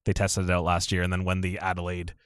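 Young man, Canadian accent, podcast host, jokey banter, fairly low voice, dry close sound. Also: monotone, fast talker, smooth, dry recording. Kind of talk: casual sports podcast chat.

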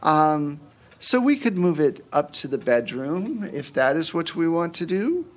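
A man narrating as game master in a tabletop game, in a loose, relaxed way. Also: fairly high pitch, measured pace.

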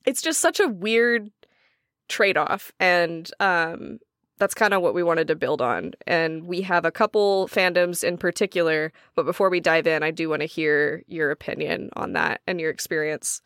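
A woman with a faint Southern US accent co-hosts a casual podcast chat, giggling and swearing freely. Her voice is fairly low and fairly bright, at a moderate pace. The recording is dry and studio quality.

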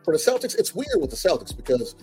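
Mellow-voiced man rambling about basketball. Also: sits high, wildly swooping pitch, creaky, faint music behind. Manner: unhurried, rambling with fillers. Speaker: podcast co-host. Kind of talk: casual sports talk.

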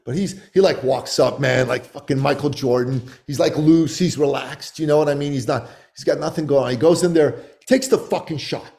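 A man in his forties, a podcast guest, telling stories in a loose, animated way with lots of swearing. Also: a little high, a little fast, vocal fry, hardly any pauses. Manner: profane, animated storytelling. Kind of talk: casual podcast storytelling.

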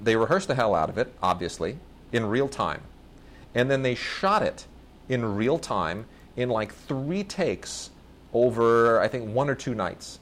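A man's voice: mid-range voice, slight background noise. Enthusiastic man rambling about films. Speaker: podcast host reviewing films. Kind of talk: casual film review chat.

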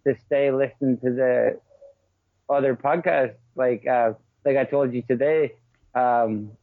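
Guy ranting, sweary and loud, dry tinny phone sound. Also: mid-range voice, no echo. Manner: brash, sweary, fast and animated. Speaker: podcast guest. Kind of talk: casual podcast chat. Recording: tinny call line, dry.

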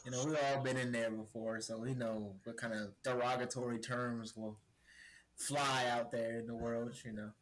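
A man's voice: medium pitch, flat delivery, normal speed. A young man co-hosting a podcast, chatting in a laid-back, joking way. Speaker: podcast co-host. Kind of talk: casual chat.

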